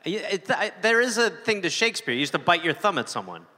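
Comedy co-host: a man riffing with quick jokes, high-pitched and very bright, with live-room echo. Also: sing-song. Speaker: podcast co-host. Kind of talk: live comedy podcast banter. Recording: live venue with hall reverb.

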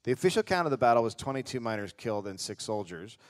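A man tells a grim history story to a live comedy podcast crowd in a dry, deadpan way, quoting old sources as he goes. His voice sits at an ordinary middle pitch. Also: quick pace. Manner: deadpan storytelling, reading out quotes.

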